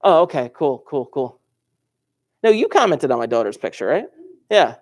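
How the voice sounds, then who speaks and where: A man's voice: medium pitch, sing-song, normal speed, pauses often, darkish tone. A man teaching an algebra class over a livestream from his classroom desk, joking and teasing his students and chuckling often. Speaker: high school algebra teacher.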